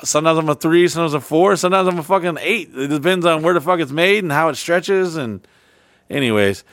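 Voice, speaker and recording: A man's voice: on the high side, fast, no room sound. Profane rambling male podcast host. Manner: profane, rambling, bursts into loud impressions. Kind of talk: casual podcast banter.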